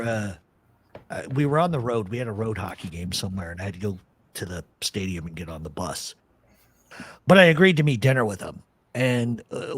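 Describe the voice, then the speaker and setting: On a dry recording, a medium-pitched man hosts a radio talk show, a profane, blunt storyteller who argues his points in casual chat.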